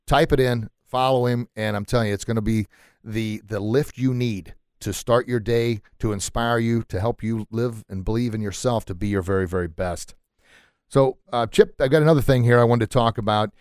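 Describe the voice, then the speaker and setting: A man hosting a podcast interview in a small sound room, excitable and quick to laugh, often stumbling over his words. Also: mid-range voice, clean tone, no room sound, studio quality. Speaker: podcast host. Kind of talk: casual chat.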